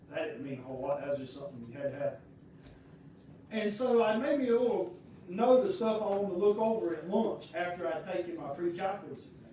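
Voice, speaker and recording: A man's voice: high-pitched, a little mellow, far from the mic, a little hiss or hum. A male pastor, telling a personal story in a folksy, rambling, conversational sermon. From United States. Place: church sanctuary. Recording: very echoey room heard from afar.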